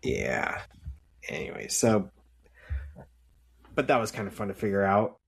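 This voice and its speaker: A man's voice: fairly low pitch, very animated, unhurried, vocal fry, husky. A man co-hosting a casual rewatch podcast, recapping an episode in a chatty way with many fillers. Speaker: podcast co-host.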